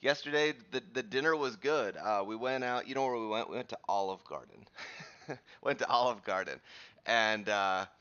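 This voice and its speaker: A man in his thirties hosts a live morning stream, talking to viewers in a loose, rambling way full of restarts. His voice sits low but sounds bright and forward. The audio is dull and lo-fi, like a stream mic. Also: expressive, normal speed, clean tone. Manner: chatty, rambling, frequent restarts and fillers. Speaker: host of a live crypto chart show. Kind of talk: casual live-stream chat and chart teaching.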